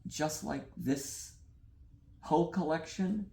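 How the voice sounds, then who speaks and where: A man's voice: fairly high pitch, slow, creaky, mellow, echoey room. A male artist talking in an interview, earnest and dreamy, often repeating phrases and laughing at himself. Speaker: artist guest. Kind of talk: reflective interview talk. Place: gallery.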